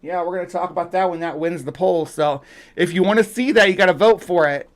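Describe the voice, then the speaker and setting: A man's voice: high-pitched, brisk. A man hosting a casual livestream, rambling with lots of fillers and restarts. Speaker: host.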